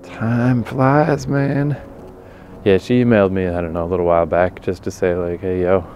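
A man's voice: low-pitched, level tone, normal speed, darkish tone, highs cut off, a little hiss or hum. A tired man hosting his own podcast, rambling on his own, self-deprecating and swearing often. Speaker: podcast host. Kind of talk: rambling solo monologue.

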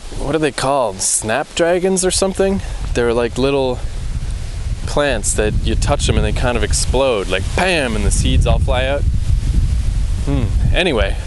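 A podcast host with a medium-pitched voice rambles and swears in frustration while walking a wooded path outdoors. He's recorded on a battery-powered portable mic, with background noise behind him.

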